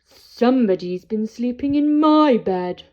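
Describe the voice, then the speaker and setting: A woman's voice: on the high side, lively intonation, unhurried, darkish tone. Casting: a woman playing a blustering father troll in a storybook, lo-fi sound. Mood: indignant. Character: father troll, gruff and indignant. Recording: dull lo-fi sound.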